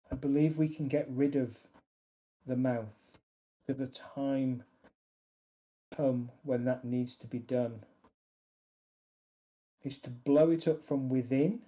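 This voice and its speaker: A man voicing a calm, matter-of-fact man who plans to blow up a monster, speaking flatly and without emotion. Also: medium pitch, close to an everyday voice, rough recording. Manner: flat, unemotional, deliberate.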